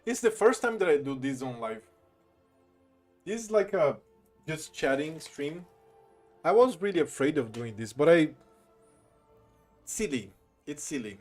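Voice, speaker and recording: A man's voice: fairly high pitch, very animated, measured pace, pauses often, faint music behind. Chatty Portuguese-native male streamer. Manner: chatty, self-deprecating, loose and profane. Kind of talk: casual live-stream chat.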